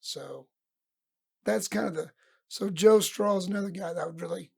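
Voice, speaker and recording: Man, middle-aged, raspy and gravelly, animated storyteller, podcast guest. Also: high voice, normal speed. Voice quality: gravelly, husky voice. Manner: animated storyteller acting out his coaches' lines. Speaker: podcast guest, wrestling coach. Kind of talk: storytelling in casual interview.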